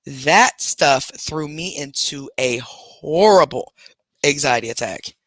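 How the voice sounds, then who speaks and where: A man's voice: a little high, animated, slow pace, a bit bright, no echo. A man hosting a casual live stream from bed at home, rambling through stories and stopping to talk to his pets. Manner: rambling, chatty, talks to pets between stories. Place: at home in a bedroom, lying in bed.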